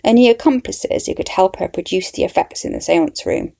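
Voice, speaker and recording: A woman's voice: medium pitch, lively intonation, brisk, creaky, mellow, pitched above the performer's own voice. A woman voicing a pompous, prying middle-aged male investigator in a storybook reading. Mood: probing. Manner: prying, condescending.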